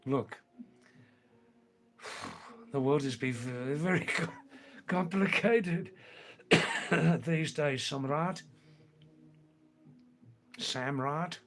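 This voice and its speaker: Slow-talking English-born man on a livestream. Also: on the high side, a bit bright. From England. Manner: slow, halting, repeats himself. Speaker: livestream host. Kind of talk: live stream chat replying to viewers.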